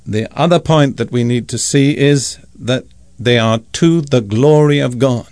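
A man preaching a sermon, teaching from scripture in an emphatic, measured way. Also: mid-range voice, darkish tone, no echo.

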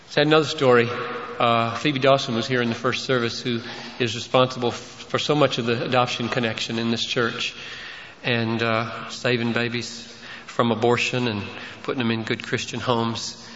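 A man's voice: little pitch movement, normal speed, a bit bright, slight background noise. Impassioned male pastor in echoing church. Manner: impassioned, rising in pitch and force for emphasis. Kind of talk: sermon. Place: church sanctuary. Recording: dull, roomy reverberant church recording.

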